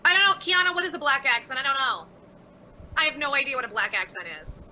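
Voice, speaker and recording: A woman chatting on a livestream, answering comments in a blunt, profane, exasperated way. Her voice is sharp and tense, with a very animated rise and fall. She sits high in her range. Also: fast, slight background noise, low-quality recording. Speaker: livestreamer reading chat. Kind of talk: casual livestream chat.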